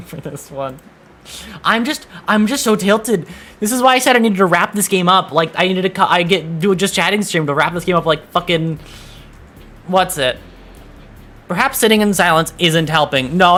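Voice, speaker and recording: A man chatting on a game stream with a slightly high, bright and edgy voice. He sounds exasperated, swears freely and keeps restarting his sentences as he vents. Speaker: VTuber streamer. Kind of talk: casual gaming stream chat.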